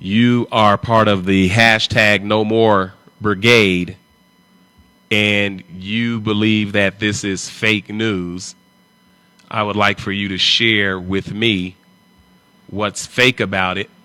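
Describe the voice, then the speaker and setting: A man's voice: on the low side, flat delivery, takes it slowly, pushed and bright, smooth, no echo. Guy on a livestream, hammering his point over and over, dry close sound. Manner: emphatic, repetitive, confrontational. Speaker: livestream host. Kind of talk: live stream commentary.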